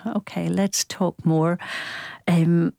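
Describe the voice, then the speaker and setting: Gravelly-voiced woman hosting a radio talk. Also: on the low side, steady tone, slow pace, mellow, no room sound, studio quality. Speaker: radio host.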